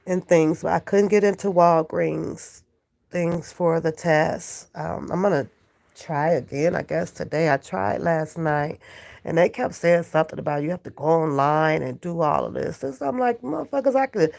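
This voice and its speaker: A woman's voice: deep voice, normal speed, gravelly, a little mellow. A woman who is sick with a cold, chatting from her bed on a live stream, profane and laughing as she banters with her chat. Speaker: vlogger talking to live chat. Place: in bed at home.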